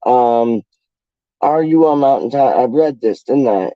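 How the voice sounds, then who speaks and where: A man's voice: mid-range voice, a little slow, no room sound, lo-fi sound. A man from the UK hosting a casual livestream, reading out chat in a slangy, rambling, playful way. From United Kingdom.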